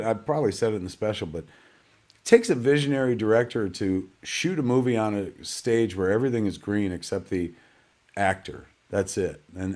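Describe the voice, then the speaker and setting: A man hosting a live online premiere in a casual, rambling way, joking about himself and cursing now and then. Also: medium pitch. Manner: rambling, joking, self-mocking, salty language. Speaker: host of a live digital premiere.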